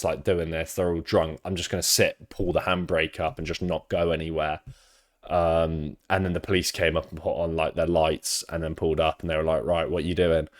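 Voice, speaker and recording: A young man with a British accent, chatting casually on stream, rambling through sweary anecdotes. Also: sits low.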